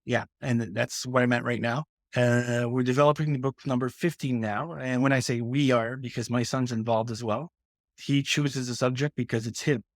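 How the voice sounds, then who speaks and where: A man's voice: mid-range voice, steady tone, moderate pace, no room sound. Earnest Canadian father, dry close sound. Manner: earnest, many restarts and fillers. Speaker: guest author. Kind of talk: casual interview talk.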